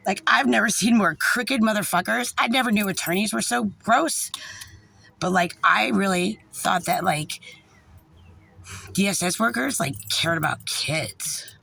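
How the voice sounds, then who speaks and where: A woman's voice: medium pitch, measured pace, gravelly, pushed and bright, breathy edge. A mother in an angry, profane, rambling direct-to-camera rant. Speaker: parent.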